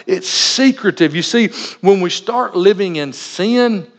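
A pastor with a voice that sits high preaches a sermon, expressive and a little slow. He's earnest and conversational, weaving personal anecdotes into his message. The recording is dull and lo-fi, captured in a reverberant hall.

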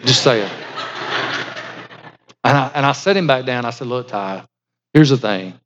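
A man's voice: mid-range voice, lively intonation, brisk. A middle-aged man, preaching and telling a family story in a folksy way, repeating words and acting out the dialogue. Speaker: pastor. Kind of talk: sermon storytelling. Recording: muffled sound in a large reverberant hall.

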